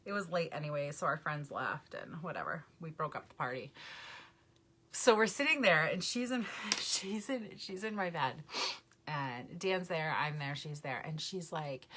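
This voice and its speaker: Mom makeup vlogger, live chat, low-pitched but sharp and bright, laughs a lot, greets viewers. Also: female voice, lively intonation, normal speed, a little hiss or hum.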